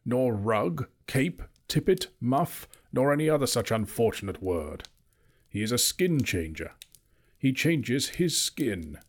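A man's voice: mid-range voice, sing-song, slow. Gandalf, a man voicing a stern old wizard. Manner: emphatic, lecturing. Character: old male wizard, stern and easily cross.

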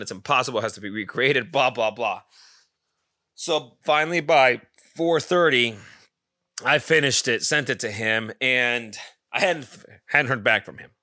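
A man hosting his own podcast, telling a long rambling story in a casual, profane, excitable way. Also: mid-range voice, no room sound, studio quality. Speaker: podcast host. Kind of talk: casual solo monologue.

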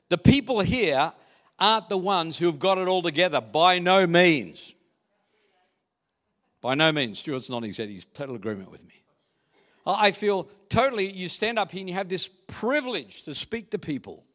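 A man's voice: sits high, fairly bright tone. A man preaching a sermon as pastor, chatty and joking with the congregation. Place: church hall. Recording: echoey church hall.

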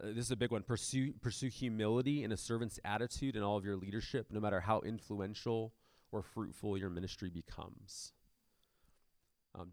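Pastor guy giving a chatty sermon, lowish voice, dry sound, lots of ums. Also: creaky, dry recording. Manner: conversational, many fillers and restarts.

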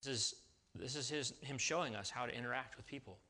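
A man's voice: medium pitch, fairly quick, bright, forceful tone. A man preaching a sermon in a casual, conversational way, with restarts and sudden emphatic rises. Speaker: pastor.

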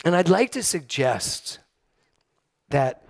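A middle-aged man preaching a Sunday sermon, telling personal stories with lively, acted-out quotes. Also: a little high, takes it slowly, vocal fry, dry recording, studio quality. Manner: storytelling, animated, acts out quoted voices. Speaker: minister. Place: church sanctuary.

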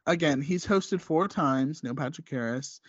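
A man's voice: fairly high pitch, unhurried, husky, no echo. A man co-hosting a podcast in casual chat, enthusiastic and rambling with lots of fillers. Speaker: podcast co-host. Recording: slightly muffled dry podcast audio.

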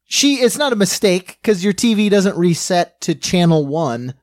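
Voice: mid-range voice, expressive, moderate pace, no echo. A crude, sardonic co-host riffing through a casual movie recap in a mid-range voice. The recording is dry and close, with no room sound. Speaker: podcast co-host.

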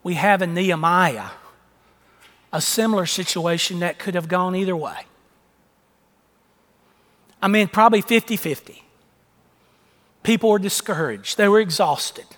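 A man's voice: high voice, a little slow, pauses often, fairly bright tone. A man preaching a sermon, emphatic, often repeating his phrases for emphasis. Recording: long echo of a large hall.

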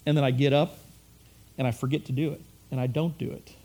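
A man's voice: mid-range voice, steady tone, brisk, mellow. A middle-aged man preaching a sermon in a conversational way, repeating phrases and acting out quotes. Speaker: pastor.

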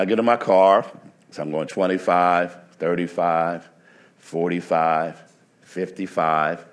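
Male pastor, lowish voice, storytelling sermon that builds to emphatic preaching. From New Jersey. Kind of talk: sermon with anecdotes.

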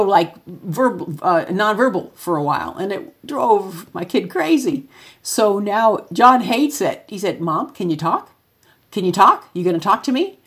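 A woman's voice: medium pitch, slightly rough. A middle-aged woman, a parent, giving a chatty talk over photos and telling anecdotes about her kids. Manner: chatty, anecdotal, acts out her son's lines. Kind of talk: casual spoken talk with photos.

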